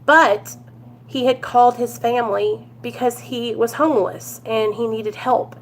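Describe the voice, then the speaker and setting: A woman's voice: a little high, steady tone, a little slow, a little hiss or hum. A woman chatting at home to her viewers, telling a story and calling them you guys and y'all. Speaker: recovery vlogger.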